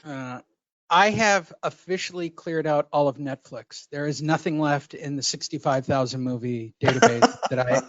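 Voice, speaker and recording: A man's voice: on the high side, lively intonation, normal speed, no room sound, highs cut off. A man hosting a casual chat with a jokey, chatty manner. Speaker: podcast host.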